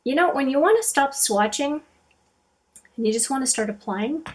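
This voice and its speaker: A woman's voice: sits high, animated, normal speed, long pauses. A woman hosting a casual makeup swatching vlog, chatty and thinking aloud, often correcting herself as she goes. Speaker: beauty vlogger.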